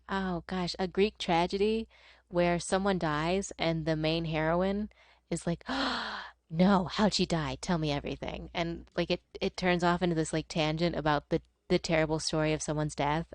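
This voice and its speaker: A woman's voice: sits low, no room sound, studio quality. A young woman streamer chatting casually while she plays, rambling and swearing with frequent laughter. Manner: rambling, profane, laughing often. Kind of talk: casual chat while gaming.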